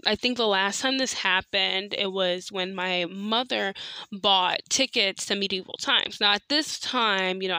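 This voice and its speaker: A woman tells a personal story the way she would to a friend, candid and blunt and full of profanity. Her voice is bright and sharp-edged, and she leans on "like" and "you know" as she talks. The sound is dry and close. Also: mid-range voice, clean tone, no room sound. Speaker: podcast host.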